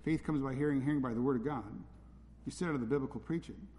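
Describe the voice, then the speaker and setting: A man's voice: medium pitch, fast, mellow. A man preaching a sermon as a pastor, blunt and direct in his delivery. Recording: reverberant hall.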